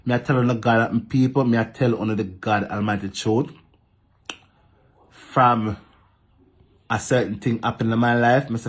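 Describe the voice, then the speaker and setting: A Jamaican-accented man with a mid-range voice, sounding off to camera in thick patois. He is animated and repetitive, firing back at his commenters. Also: medium pitch, normal speed, pauses often. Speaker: social media vlogger. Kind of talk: casual ranting monologue to camera.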